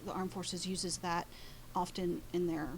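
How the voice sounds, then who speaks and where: A woman painter, a guest in an interview, telling a story in a halting way, with many pauses and restarts. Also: fairly low pitch, little pitch movement, a little hiss or hum, low-quality recording.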